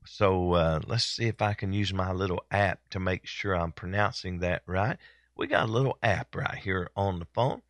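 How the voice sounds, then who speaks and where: A man hosting a daily broadcast, talking in a relaxed, chatty way with many fillers. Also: low voice, no echo. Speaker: host. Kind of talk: casual daily broadcast talk.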